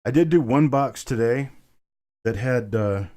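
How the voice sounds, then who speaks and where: A man's voice: medium pitch, measured pace, dark tone. A middle-aged man hosting a live coin auction stream, casually chatting with viewers and answering their comments by name. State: a bit winded.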